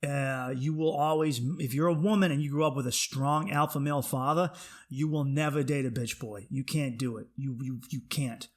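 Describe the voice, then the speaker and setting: A man's voice: medium pitch, steady tone, normal speed. A man, a stand-up comic, hosting his podcast with a blunt, profane, rambling comedy monologue.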